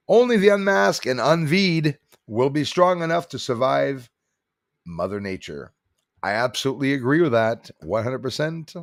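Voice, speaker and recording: A man's voice: medium pitch, animated, normal speed, no echo, studio quality. A middle-aged man from Canada hosting a casual livestream, rambling and reading viewer comments aloud. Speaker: livestream host.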